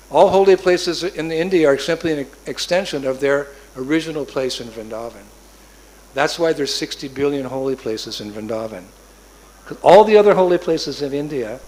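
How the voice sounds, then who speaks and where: Man telling a sacred story in a sermon. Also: on the high side. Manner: animated storyteller who acts out voices. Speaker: preacher.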